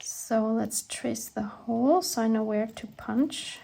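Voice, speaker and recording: A woman hosting a crafting video, chatting casually and warmly as she works, laughing often and gushing over her projects. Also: a little high, slow pace, vocal fry, background noise. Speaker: crafting channel host. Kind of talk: casual craft tutorial chat.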